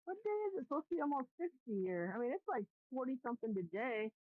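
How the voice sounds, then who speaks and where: Woman chiming in with quick comments, lively high voice, phone-like thin sound. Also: dry recording. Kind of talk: casual chat.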